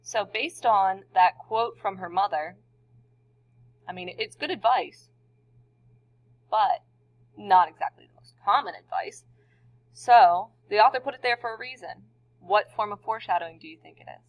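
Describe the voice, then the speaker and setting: A woman's voice: mid-range voice, moderate pace, long pauses. A woman teacher giving a recorded lesson to her students in a conversational way, asking the class questions. The recording sounds dull and lo-fi.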